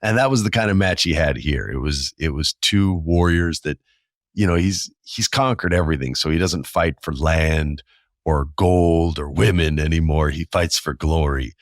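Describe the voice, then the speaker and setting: 40s guy hosting his podcast solo, low voice, hyped casual storytelling, dry close mic. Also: moderate pace, no room sound. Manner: enthusiastic, conversational storyteller with slangy asides. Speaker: podcast host.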